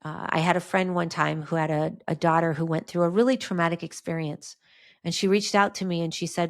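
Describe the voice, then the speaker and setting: A woman's voice: fairly low pitch, fairly even intonation, fairly quick. A middle-aged woman hosting a faith-based podcast, talking earnestly about trauma and healing through personal stories. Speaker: podcast host.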